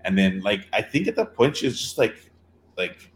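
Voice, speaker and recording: A man tells a story in a relaxed chat. He rambles, leans on fillers and acts out quoted lines. A faint hum of the room sits behind him. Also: lowish voice, normal speed.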